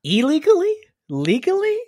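A man's voice: extremely high pitch, huge pitch swings, a little mellow, dry recording, studio quality. A man hosting a fantasy football podcast, chatting and joking casually with his co-host. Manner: joking, quick banter with a friend. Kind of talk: casual chat.

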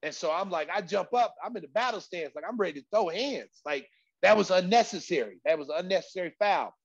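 Animated middle-aged man telling a story. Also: sits high, quick pace, dull audio. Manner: lively, acts out quoted voices, slangy, sometimes shouts.

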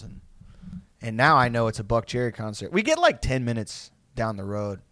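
Brief: young guy, mid-low voice, loose profane storytelling, dry close sound. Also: very animated, fairly quick, sharp tone, dry recording. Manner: rambling, filler-heavy, profane. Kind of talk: casual storytelling chat.

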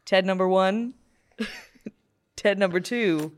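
Playful, unhurried woman podcast co-host. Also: medium pitch. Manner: playful, drawn-out deadpan jokes, frequent laughter. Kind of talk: casual comedic chat.

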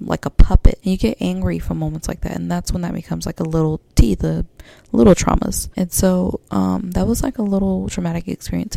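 A woman with a deep, gravelly voice talks through a personal podcast monologue. She rambles candidly, circling back with fillers and restarts. Her tone is dark and mellow. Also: no echo. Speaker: podcast host.

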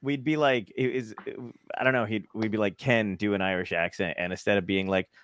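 A man's voice: on the low side, steady tone, a little fast, a bit bright, clear, resonant tone, no room sound. A man hosting a casual podcast chat, rambling and laughing, with loose, profane storytelling. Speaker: podcast host.

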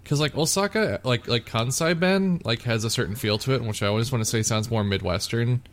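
A podcast co-host chats casually, rambling with plenty of filler words and teasing jokes. His voice is mid-range and he talks fairly quickly.

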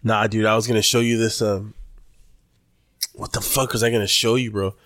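A man's voice: fairly low pitch, flat delivery, moderate pace, a bit bright, no room sound, clean studio sound. A man co-hosting a podcast in laid-back, slangy casual chat, swearing freely. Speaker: podcast co-host.

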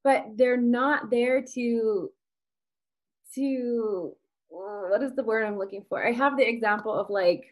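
A woman co-hosting a podcast, calmly explaining points from a list in a measured way. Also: a little high. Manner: measured, explanatory, soft agreement noises. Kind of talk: explaining a list in casual chat.

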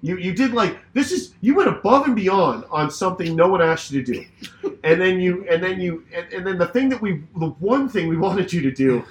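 A man co-hosting a casual comedy podcast, exasperated and profane, often sinking into hushed mutters. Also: sits high, lively intonation, moderate pace. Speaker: podcast co-host.

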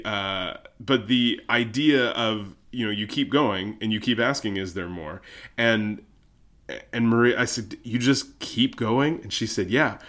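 A man's voice: on the low side, fairly bright tone. A man co-hosting a casual podcast chat, telling a story in a playful, joking way. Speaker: podcast co-host.

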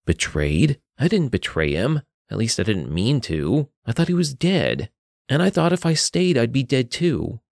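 A man voicing a lost young soldier in an audio story, talking in an earnest, hurried way. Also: medium pitch, big pitch swings, creaky, a little mellow, no room sound, studio quality, exaggerated voice. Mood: defensive.

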